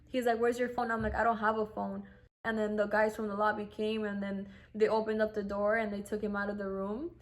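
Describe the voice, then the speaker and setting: A young woman in her twenties, casually telling a personal story, full of "like" and acting out what others said. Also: mid-range voice. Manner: chatty, acts out quoted voices, lots of "like". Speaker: vlogger.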